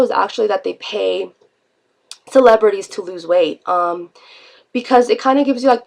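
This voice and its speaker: A woman's voice: medium pitch, creaky. A woman talking through an unscripted casual vlog, rambling with frequent ums and restarts. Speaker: vlogger.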